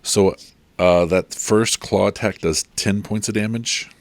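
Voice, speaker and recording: A man's voice: lowish voice, fairly even intonation, dry recording. A man running a tabletop role-playing game as game master, talking casually with many fillers. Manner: casual, halting, lots of fillers and laughs.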